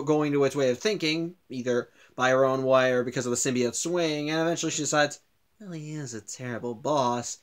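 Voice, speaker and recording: A man casually retelling a comic book's plot for a video review, often stopping and restarting his sentences. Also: fairly high pitch. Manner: halting, with frequent restarts and self-corrections.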